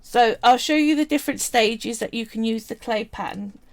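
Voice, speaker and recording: A woman's voice: a little high, normal speed, a little hiss or hum. A woman hosting a live craft tutorial, chatty and explaining each step as she works. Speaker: craft livestream host.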